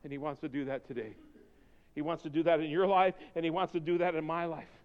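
A male preacher delivering a fervent sermon, moving from quiet, intimate talk to loud, urgent pleading. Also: fairly high pitch, steady tone, fast talker, clear, resonant tone, lo-fi sound. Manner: fervent, swings between quiet intimacy and shouting. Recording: long hall reverb.

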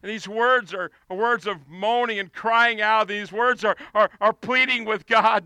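A male preacher with a very high, piercingly bright voice, delivering an impassioned sermon outdoors. His tone is smooth and clear, the sound close and dry, and he swells into pleading shouts. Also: steady tone, unhurried, few pauses, dry recording.

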